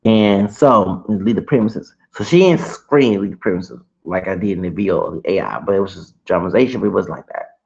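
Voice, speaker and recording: Man with a gravelly voice ranting. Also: sits low, brisk, muffled recording. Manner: heated, rambling, repeats himself, swings loud and soft. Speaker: vlogger. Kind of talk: ranting personal story to camera.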